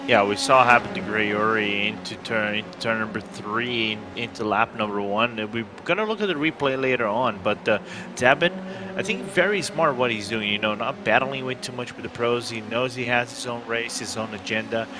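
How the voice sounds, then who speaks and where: A man's voice: medium pitch, normal speed, noisy background. A man giving casual race analysis as color commentator, with hesitant, phrasing and many fillers. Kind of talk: sim racing analysis commentary.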